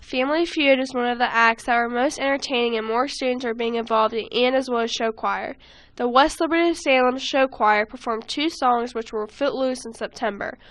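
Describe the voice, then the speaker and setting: A high-voiced teenage girl reports on a school event for the student news. She reads earnestly from a script, and a few phrases come out a little halting. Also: fairly bright tone, rough recording. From Ohio.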